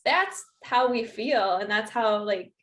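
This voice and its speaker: A woman guest on a podcast talking casually, halting often with "like" and "um" as she searches for words. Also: a little high, fairly bright tone. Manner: halting, full of "like" and "um". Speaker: podcast guest, retreat host. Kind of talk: casual conversation.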